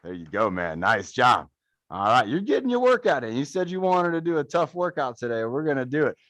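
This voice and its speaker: A man's voice: medium pitch, very animated, a little fast, a bit bright, dry recording. A young man coaching a live adaptive fitness class, counting reps and cheering people on in an upbeat, playful way. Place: fitness studio.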